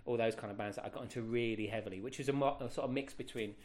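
A middle-aged man, a guest telling stories in a casual, animated way with many fillers. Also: mid-range voice, very fast. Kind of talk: casual anecdotal storytelling.

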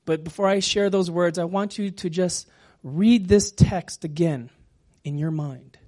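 Slow, gentle-spoken male pastor. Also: high-pitched. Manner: slow, gentle, drops to a whisper at times. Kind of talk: sermon.

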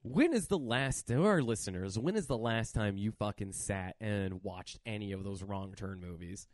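A man hosting a casual horror movie podcast, talking in a profane, animated rant. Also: on the low side, normal speed, no echo, clean studio sound. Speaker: podcast host.

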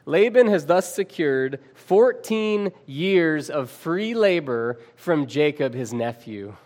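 Slow-speaking male preacher. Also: a little high, lively intonation, a little mellow. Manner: addresses listeners as friends; reads scripture aloud with dramatic pauses. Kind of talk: sermon.

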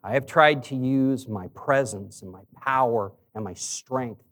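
A middle-aged man preaching a sermon as a pastor, telling a personal story with shifts between quiet confession and raised emphasis. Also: mid-range voice, a little slow, slight background noise.

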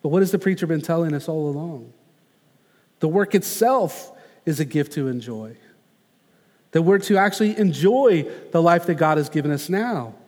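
A man preaching a sermon as pastor, earnest and measured, slowing down to stress key phrases. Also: fairly high pitch, expressive, darkish tone, big-room sound.

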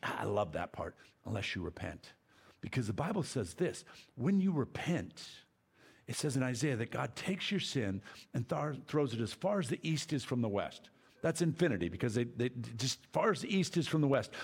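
A man pastor preaching a sermon to his church, dropping soft and low then rising to loud calls. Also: slightly rough.

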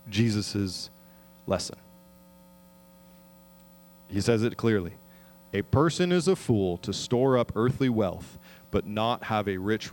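A man preaching a sermon as pastor, earnest and conversational, often asking the congregation questions and slowing down to read scripture. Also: mid-range voice.

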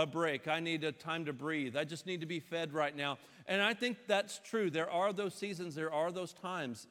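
A male pastor delivering a sermon with a slightly raised pitch, his voice carrying through the long reverb of a large church hall. He tells stories lively, dropping into low, drawn-out impressions and then lifting back into bright emphasis. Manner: storytelling, shifts between low mock-weary impressions and bright emphatic delivery.

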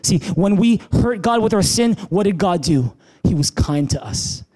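A male pastor preaching a sermon in a church, animated, often restarting words and asking the congregation questions. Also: sits high, moderate pace. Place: church in Vancouver.

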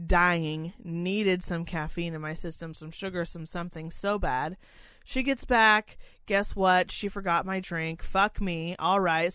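A woman in casual conversation, recounting a draining day with plenty of swearing and exasperated sarcasm. She slips into high, mocking voices to imitate others. Her voice sounds dry and close. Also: a bit bright, smooth, no echo. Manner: profane, exasperated, sarcastic ranting. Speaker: parent chaperone telling a story. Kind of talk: casual storytelling chat.

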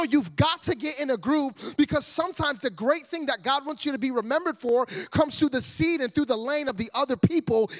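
High-voiced, lively young man preaching. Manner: energetic, joking, rises to loud preaching. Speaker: guest evangelist preacher. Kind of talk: sermon.

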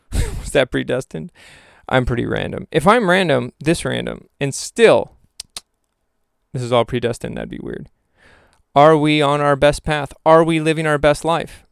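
A man's voice: a little high, lively intonation, a little slow, creaky, clean tone, no echo, studio quality. A man in his twenties hosting a podcast, talking in a playful, self-mocking comedic monologue and slipping into silly voices. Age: 20s. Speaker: podcast host.

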